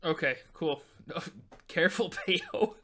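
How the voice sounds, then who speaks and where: A man's voice: fairly high pitch, huge pitch swings, slow pace, fairly bright tone, a little hiss or hum. A man running a tabletop game as game master, talking casually with frequent laughs and swearing.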